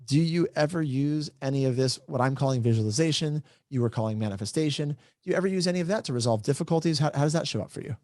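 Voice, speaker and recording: A man moderating a casual discussion, talking quickly and working through ideas with practical examples. He often checks in with his listener as he goes. His voice is dry and close, with no room sound. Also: fairly high pitch, darkish tone, no room sound. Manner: brisk, explanatory, keeps adding "right?". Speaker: moderator, real estate agent.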